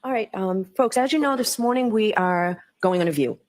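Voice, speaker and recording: A woman's voice: mid-range voice, darkish tone, dry recording, rough recording. A woman judge giving formal, methodical instructions to a jury in a courtroom. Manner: measured, methodical.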